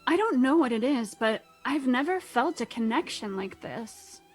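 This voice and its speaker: A yearning, lovesick ocean liner, voiced by a woman in a comedy script reading. She speaks softly in a fairly high, sing-song voice. Faint music plays underneath. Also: lively intonation, moderate pace, lightly acted. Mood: tender. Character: lovesick female ocean liner, giant and tender.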